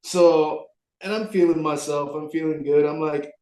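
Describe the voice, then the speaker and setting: A young man tells a story on a podcast, animated and full of fillers. His voice sits a little high. It bounces around an echoey room. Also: normal speed. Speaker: podcast co-host. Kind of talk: casual storytelling chat.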